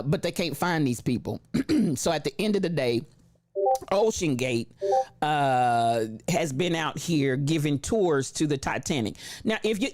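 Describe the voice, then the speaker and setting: A livestream host in casual chat, reading viewer comments aloud with slangy shout-outs and frequent laughter. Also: mid-range voice, no echo.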